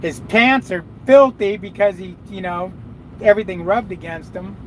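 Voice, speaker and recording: Profane, high-voiced trucker chatting live. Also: male voice, moderate pace, a little hiss or hum, low-quality recording. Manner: profane, rambling, talks to viewers and his dog. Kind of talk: casual live chat. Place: inside his truck cab.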